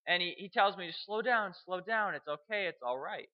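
A young man from Canada, telling a personal story in a halting way, repeating words and chuckling. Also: high voice, dull audio. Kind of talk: storytelling speech.

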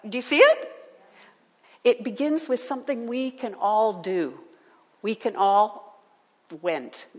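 A woman preaching a sermon, asking her listeners questions and turning animated as she goes. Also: medium pitch. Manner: animated, asks the audience questions. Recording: long hall reverb.

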